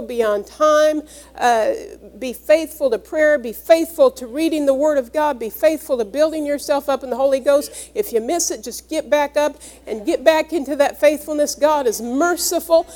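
Woman, preacher, high-pitched, earnest, reads scripture and explains it. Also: darkish tone. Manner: earnest, teaching, explains each word. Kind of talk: sermon with scripture reading.

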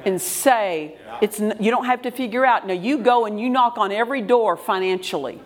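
A woman's voice: mid-range voice, normal speed. An older woman pastor preaching a sermon with emphatic repetition, laughing as she tells stories. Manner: emphatic, repeats key words, laughs while telling stories. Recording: congregation responding in the room. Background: congregation calling out amens.

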